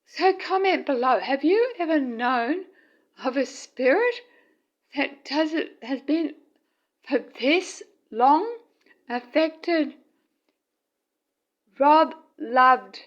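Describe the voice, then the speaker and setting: A woman with a high voice talks slowly and gently as she films indoors at night. Her words come soft and tender, and the phone recording sounds dull and lo-fi. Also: lively intonation. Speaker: vlogger. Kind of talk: casual home video narration.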